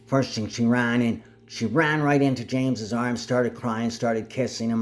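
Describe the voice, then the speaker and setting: A man's voice: mid-range voice, steady tone, measured pace. Man in a rambling, agitated monologue. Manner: agitated, drifting in and out of anger; speaks to absent family members. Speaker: vlogger.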